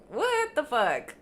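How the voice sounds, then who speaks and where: A woman's voice: high-pitched, a little hiss or hum. A young woman hosting a livestream, delivering a heated, profane commentary rant and hammering her points with repetition. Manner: fiery, profane, emphatic, repeats herself. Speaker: livestream host.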